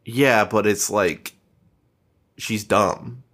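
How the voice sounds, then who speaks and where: A man co-hosting a podcast, cutting in with deadpan jokes and short quips. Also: lowish voice, extremely slow. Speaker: podcast co-host. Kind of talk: casual chat.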